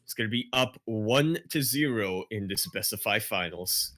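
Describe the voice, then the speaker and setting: A man casting a live strategy game match, giving play-by-play with excitable, jokey banter. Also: on the low side, normal speed, noisy background. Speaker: esports caster.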